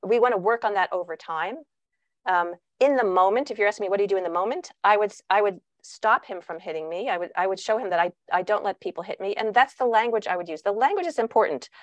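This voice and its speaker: Animated woman author on a video call. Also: mid-range voice, fast, no echo. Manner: animated, acts out quoted voices. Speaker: parenting author and guest speaker. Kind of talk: answering questions on a video call.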